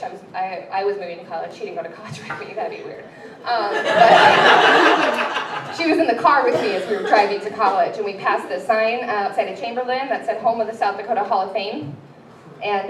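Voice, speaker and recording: A young woman performing a stand-up comedy set, chatty and self-deprecating, with lots of ums. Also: medium pitch. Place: improv theater stage with live audience. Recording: roomy, from far off, crowd and noise.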